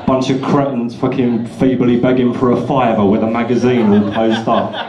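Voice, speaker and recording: Crowd noise fills the roomy sound as a slightly drunk man performs stand-up in a pub function room on open mic night. Flat-voiced and moderately paced, he rambles, swears, and imitates people with shrill voices.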